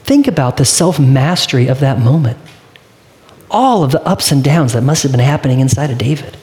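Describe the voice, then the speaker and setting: A man preaching a sermon as pastor, talking in an earnest, conversational way and asking the congregation direct questions, slowing down to read scripture. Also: mid-range voice, lively intonation, dark tone.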